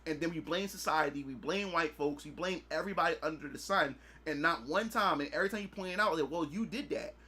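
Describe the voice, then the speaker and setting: High-voiced, blunt, profane man. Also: fast, few pauses, bright, forceful tone, husky. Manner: blunt and profane, with lots of repeated filler phrases; emphatic, preachy lecturing. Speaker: podcast host. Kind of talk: casual podcast monologue.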